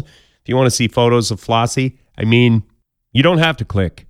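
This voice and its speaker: Male podcast host, bouncy and animated, jokey news rundown, dry booth sound. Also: mid-range voice, normal speed, no echo. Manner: jokey, playful asides, bouncy delivery. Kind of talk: casual comedic news countdown.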